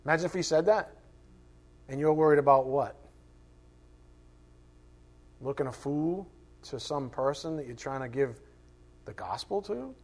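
A man's voice: a little high, measured pace, long pauses. A man teaching a Bible class in a conversational way, asking rhetorical questions and acting out quoted voices. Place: classroom with a board.

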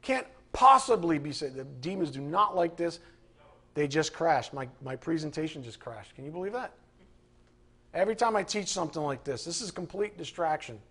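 Gravelly man preaching fiery sermon. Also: a little high, animated, moderate pace. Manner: fiery, rising to angry shouting. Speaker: preacher teaching a Bible class.

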